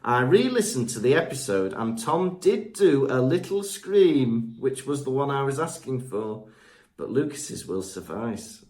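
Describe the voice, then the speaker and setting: A man's voice: medium pitch, very animated, a little slow, darkish tone. A man co-hosting a podcast, reading listener reviews aloud in a chatty way with fillers, stumbling over names. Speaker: podcast co-host. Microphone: remote podcast mic.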